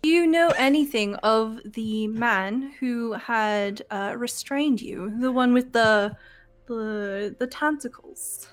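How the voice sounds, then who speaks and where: Slow-speaking woman player. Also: on the high side, soft background music. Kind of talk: tabletop role-play.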